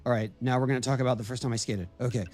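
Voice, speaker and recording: A middle-aged man, a guest in a casual podcast chat, telling animated stories with frequent restarts. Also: mid-range voice, very fast.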